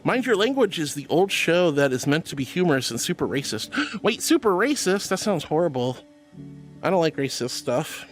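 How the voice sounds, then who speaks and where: A man streaming as a VTuber from home on a headset mic, reading chat aloud and answering with affectionate, playful warmth. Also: on the high side, very animated, moderate pace, soft background music. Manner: affectionate and playful, calls viewers sweetheart.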